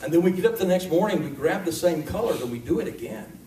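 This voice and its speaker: A man preaching a sermon to his congregation in a conversational, emphatic way, with pauses for effect. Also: sits high, animated, mellow, a little hiss or hum. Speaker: pastor. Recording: echoey hall recording from far off.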